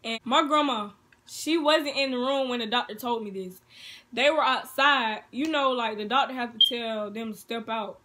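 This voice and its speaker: A young woman, telling a personal story in a casual storytime vlog, turning loud and excited. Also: a little high, normal speed, background noise. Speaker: vlogger.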